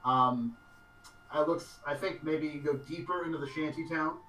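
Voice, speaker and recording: A man narrating as game master of a tabletop game, in a loose, halting way with many fillers and laughs. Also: on the high side, sharp tone, roomy sound, distant mic, a little hiss or hum, rough recording.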